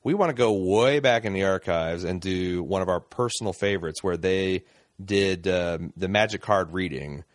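Low-voiced rambling podcast host. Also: male voice, normal speed, dry recording, clean studio sound. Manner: rambling, chuckling, pompous senator parody. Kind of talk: casual chat.

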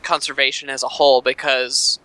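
A man co-hosting a podcast, rambling in relaxed casual chat. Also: mid-range voice, normal speed. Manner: rambling, laid-back, many fillers. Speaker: podcast co-host.

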